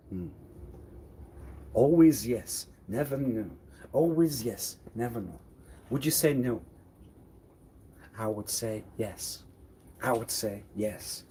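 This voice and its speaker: A man on a solo live stream, rambling in circles and repeating phrases, with sudden loud outbursts. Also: medium pitch, expressive, takes it slowly, long pauses, slight background noise. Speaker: livestreamer.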